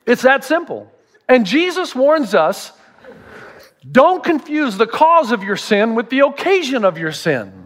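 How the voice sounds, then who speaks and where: Middle-aged male pastor, high voice, animated sermon delivery with playful asides. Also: measured pace. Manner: animated and humorous, acting out quoted voices.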